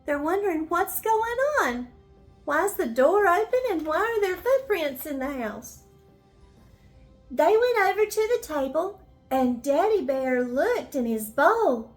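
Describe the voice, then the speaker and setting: An older woman reading a children's bedtime story, gently asking the listening children questions as she goes. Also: sits high, very animated, a little slow, faint music behind.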